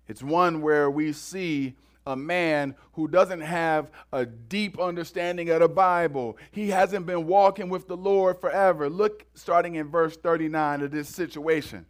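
A man preaching a sermon in a lively, conversational way, often repeating words as he goes. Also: a little high, a little slow, hardly any pauses. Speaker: pastor.

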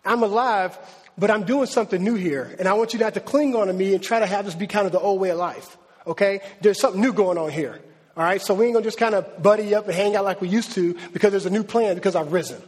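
A man preaching a sermon as a pastor, in a conversational, animated style with slangy asides. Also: sits high, quick pace, breathy edge. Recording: reverberant hall.

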